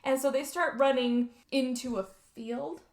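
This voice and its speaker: A woman with a slightly high voice chatting through a movie recap. She jumps into the characters' lines in quick, lively bursts. Her voice has an echoey room around it. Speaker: podcast co-host. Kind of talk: casual movie recap chat.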